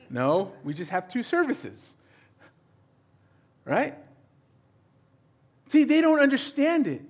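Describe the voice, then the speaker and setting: A middle-aged male pastor giving a sermon, animated and acting out little dialogues in different voices. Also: very high voice, takes it slowly, long pauses.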